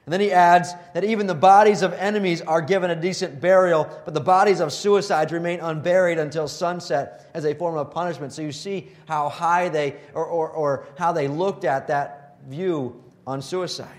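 A man delivering a sermon in an earnest preaching voice that sits a little high for a man. He reads scripture aloud and turns lively when he mimics the mockers. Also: moderate pace, few pauses. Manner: earnest preaching, rising to animated mock voices when quoting scoffers.

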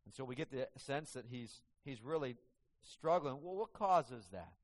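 A man preaching a sermon as pastor, swinging from hushed, low passages to emphatic, raised ones. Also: animated, normal speed, long reverb tail. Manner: dramatic, swings from hushed to emphatic, acts out quoted voices.

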